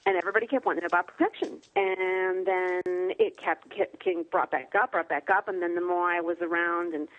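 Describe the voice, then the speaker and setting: A woman author chatting in an interview, telling lively stories and acting out what people said in playful voices. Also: lowish voice, brisk, few pauses, phone-quality sound. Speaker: guest author. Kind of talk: casual interview chat.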